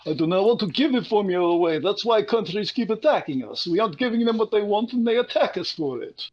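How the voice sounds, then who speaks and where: A man's voice: sits high, lively intonation, fast, lo-fi sound. A man voicing an elderly male scientist, fussy and guarded, in a thick put-on foreign accent. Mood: insistent.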